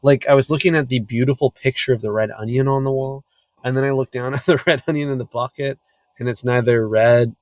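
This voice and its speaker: A young man co-hosting a comedy podcast, telling stories in a wry, deadpan way with frequent laughs. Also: medium pitch, a little fast, dry recording. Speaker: podcast co-host. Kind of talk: casual comedic chat.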